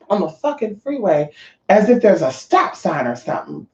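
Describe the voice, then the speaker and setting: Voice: medium pitch, moderate pace. A Californian host ranting on a livestream, swearing freely and chatting straight to viewers. The voice sits in a middle register and echoes around the room. The sound is dull and lo-fi. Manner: profane, animated, chatty with viewers. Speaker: livestream host running online classes. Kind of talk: casual livestream rant.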